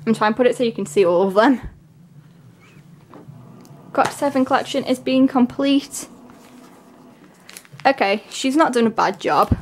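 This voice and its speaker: A woman vlogging in a casual, gushing way, her voice sitting a little high. She talks slowly and keeps dropping filler words between her excited remarks. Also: slight background noise. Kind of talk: casual unboxing vlog.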